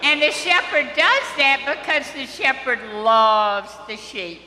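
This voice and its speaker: Slow, bright-voiced woman priest. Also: high-pitched, animated. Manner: slow, gentle, questioning children directly. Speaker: priest giving a children's homily. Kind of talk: children's sermon. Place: church sanctuary. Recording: long church reverb.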